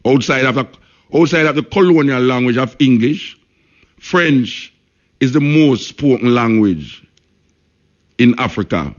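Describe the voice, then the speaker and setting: A man's voice: mid-range voice, lively intonation, a little slow, long pauses, dull audio. A man with a Jamaican accent hosting a radio talk show, speaking emphatically, repeating points and saying "you know" often.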